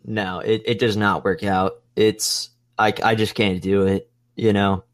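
A man's voice: on the low side, flat delivery, a little slow, dry recording, studio quality. A man in his twenties chatting casually on a podcast, rambling and swearing with lots of filler words. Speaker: podcast host.

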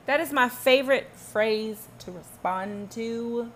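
A woman's voice: on the high side, slow pace, fairly bright tone. A woman hosting a solo podcast, ranting emphatically and sarcastically, firing rhetorical questions and humming asides. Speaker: podcast host.

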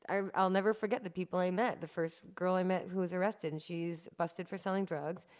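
Low-voiced woman telling her story earnestly. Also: steady tone, a little fast, a little mellow. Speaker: cannabis activist guest. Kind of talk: conversational interview.

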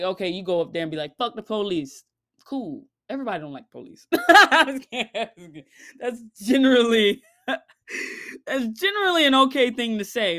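A woman ranting casually to camera in a blunt, profane vlog commentary. She laughs between points and swings from loud outbursts to low mutters. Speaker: commentary vlogger. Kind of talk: casual opinion rant to camera.

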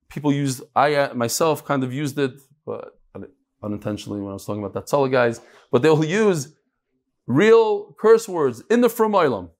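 A man teaching a daily Talmud class, explaining the text in plain talk mixed with Hebrew and Yiddish study terms and acting out the dialogue. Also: a little high.

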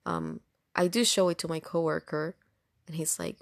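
A woman's voice: low voice, very animated, normal speed, no echo, studio quality. A woman telling a story in casual chat, rambling along with lots of fillers. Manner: chatty, rambling with many fillers. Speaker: storytime vlogger.

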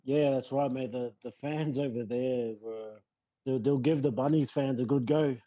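A man, a rugby league player telling his story as a guest in a casual interview, relaxed and rambling with lots of fillers. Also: medium pitch, moderate pace, no room sound, poor audio. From New Zealand.

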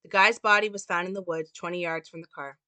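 A woman's voice: on the low side, fairly even intonation, quick pace, sharp tone, no echo. A woman reading the lines of a sarcastic, hard-bitten male police detective from a script in a dry, mocking way. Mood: grim.

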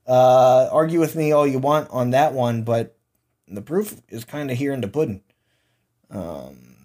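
A young man hosting a sports podcast, running through football picks in a casual, opinionated way that sometimes turns into ranting. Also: on the high side. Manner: opinionated, ranting, laughs at own jokes. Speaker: podcast host. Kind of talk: casual sports betting chat.

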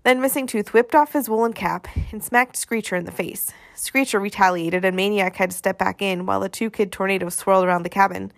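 A woman reading a novel aloud, with expressive storytelling. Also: medium pitch, brisk, creaky, few pauses, no room sound, studio quality. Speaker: reader.

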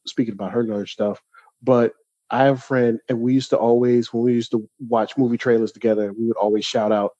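A man's voice: medium pitch, dry recording, muffled recording. A man co-hosting a podcast, ranting in casual chat with lots of restarts. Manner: animated, ranting, many restarts. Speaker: podcast co-host.

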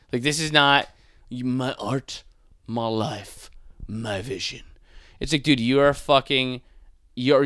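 A young adult man, a comedian, ranting casually and profanely, mocking people with quick put-on voices. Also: medium pitch, clean tone, no room sound, studio quality. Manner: animated, profane, mocking impressions.

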